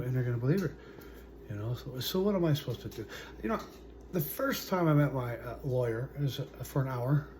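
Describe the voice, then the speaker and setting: Halting, soft-trailing man in his forties. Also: mid-range voice, slight background noise. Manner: halting, full of "uh" and "you know", trailing off softly. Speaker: vlogger. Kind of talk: personal storytelling to camera.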